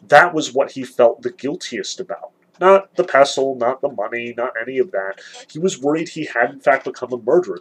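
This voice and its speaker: A man's voice: on the high side, breathy edge, rough recording. A man teaching a literature lesson, explaining the scene step by step and weighing each side in turn. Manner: explanatory, weighs both sides repeatedly. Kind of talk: recorded lecture.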